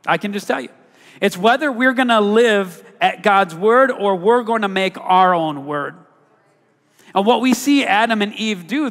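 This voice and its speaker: A man's voice: sits high, a bit bright. A man preaching a sermon as pastor, emphatic, rising on key words and asking the congregation questions. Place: church sanctuary. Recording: long hall reverb.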